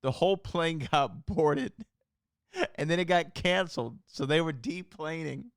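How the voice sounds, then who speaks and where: Chatty animated podcast host, young man. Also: a little high, a little slow, gravelly, smooth, dry recording, clean studio sound. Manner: chatty, animated storytelling with frequent laughs and fillers. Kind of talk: casual podcast chat.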